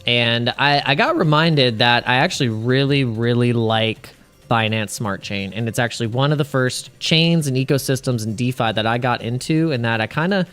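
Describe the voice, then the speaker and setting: A man's voice: mid-range voice, normal speed, a bit bright, clean tone, soft background music. A man hosting a casual crypto livestream, rambling, restarting his sentences and laughing at his own jokes.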